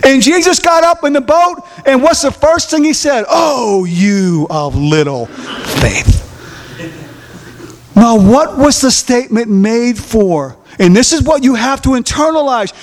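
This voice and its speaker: A male preacher with a very high voice leads a call-and-response sermon. He acts out the voices in his story and climbs to shouts. His voice rings through a church hall with a long echo. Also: normal speed, few pauses.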